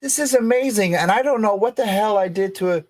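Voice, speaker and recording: A middle-aged man hosting a podcast live stream, excitable and rambling, with lots of restarts. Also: high-pitched, a little fast. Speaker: podcast host. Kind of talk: casual live-stream chat.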